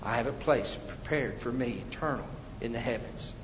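A man's voice: medium pitch, moderate pace. Man preaching urgently in an echoey hall. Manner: swings from loud urgent preaching to hushed prayer. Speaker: pastor. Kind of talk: evangelistic sermon. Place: church sanctuary. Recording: dull echoey church hall recording with faint noise.

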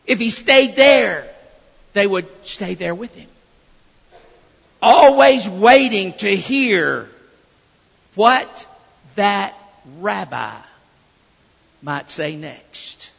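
A man's voice: high-pitched, lively intonation, extremely slow, vocal fry, pauses often, slightly rough. A male pastor delivering an emphatic sermon, often restarting his phrases as he builds each point. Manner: emphatic preaching with repeated restarts. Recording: dull reverberant church recording.

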